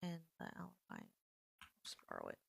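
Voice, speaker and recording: Gravelly-voiced woman venting on a live stream. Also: a bass voice, fairly quick, dry recording. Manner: animated, indignant, frequent "like". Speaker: livestream host. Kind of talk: casual live-stream chat.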